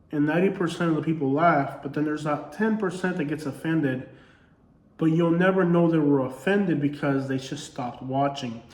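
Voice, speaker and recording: A man's voice: on the high side, a little mellow, roomy sound. Earnest man with a Southern accent. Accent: Southern US, Alabama-tinged. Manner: earnest, argumentative, asks rhetorical questions. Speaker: YouTube comedy creator. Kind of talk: casual commentary monologue.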